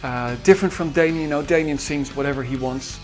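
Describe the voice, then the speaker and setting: This is a Dutch man from the Netherlands, a composer reminiscing about his singers during an interview. He talks fast in a slightly high voice, stumbling through fillers and false starts while soft guitar music plays behind him.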